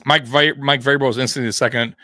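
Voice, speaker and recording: A man's voice: medium pitch, steady tone, fast, bright, forceful tone, no room sound. A middle-aged man from South Florida co-hosting a live sports show in casual, rambling chat with lots of restarts and laughs. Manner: rambling, laughs often, frequent restarts and fillers. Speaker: sports podcast co-host.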